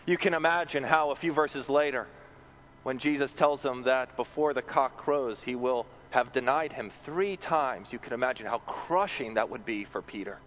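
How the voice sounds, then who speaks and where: A man's voice: medium pitch, moderate pace, muffled recording, a little hiss or hum. A man preaching a sermon in an earnest way, often repeating words as he builds a point.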